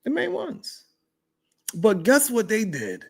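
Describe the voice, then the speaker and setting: Slow, animated man hosting a stream. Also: high-pitched, creaky, slightly rough. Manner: animated, shouting out viewers, laughing often. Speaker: morning show host. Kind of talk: casual livestream commentary.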